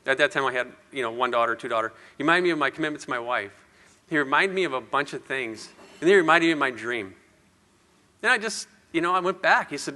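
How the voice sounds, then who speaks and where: A man's voice: mid-range voice, animated, fast talker, bright, forceful tone, big-room sound. A man in his fifties giving a personal, self-deprecating speech to an audience, rambling and laughing often. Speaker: speaker at an industry event.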